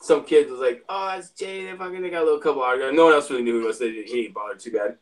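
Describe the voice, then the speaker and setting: A man spins a long, rambling, profanity-laced story in casual talk. His voice sits at an ordinary middle pitch. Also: racing. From Spokane, Washington area. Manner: rambling, profane, animated retelling. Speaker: musician telling stories.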